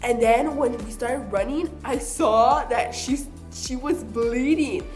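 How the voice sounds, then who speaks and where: A young woman recounts her childhood in a loose, chatty vlog, her voice sitting a bit high. She jumps into little acted-out bits of dialogue as she goes. Soft music plays faintly behind her. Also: slow. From Southern California. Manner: chatty, animated, acts out quoted voices. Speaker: vlogger. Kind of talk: casual storytelling.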